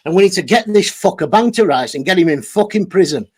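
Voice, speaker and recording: A man's voice: sits high, expressive, quick pace, a little mellow, breathy edge. A man ranting angrily on a livestream, swearing heavily and over-caffeinated. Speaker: channel host reading live chat. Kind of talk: angry livestream rant.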